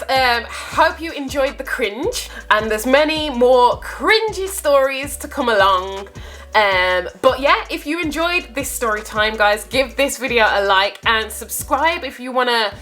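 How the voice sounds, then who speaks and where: A young woman telling a casual storytime to her viewers, animated and exclaiming often, with frequent laughs. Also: a little high. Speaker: vlogger.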